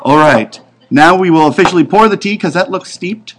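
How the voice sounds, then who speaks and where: A man hosting a casual group chat at a restaurant meeting, playful and quick to laugh. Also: sits high, slight background noise. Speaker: podcast host.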